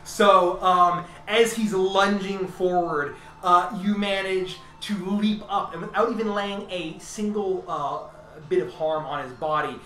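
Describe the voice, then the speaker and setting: A man's voice: high voice, fairly even intonation, measured pace, a bit bright. A man narrating as game master in a loose, laughing way with many fillers, recorded far from the mic in an echoey room.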